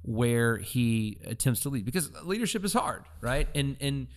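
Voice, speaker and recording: A man's voice: medium pitch, expressive, normal speed. A man talking in a casual faith discussion, conversational and agreeable, with loose, rambling phrasing.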